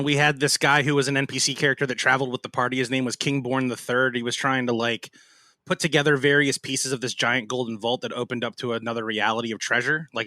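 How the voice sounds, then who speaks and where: A man's voice: medium pitch, no echo. A man chatting as a podcast guest, telling game stories with lots of fillers. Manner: animated storytelling with many fillers. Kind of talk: casual chat.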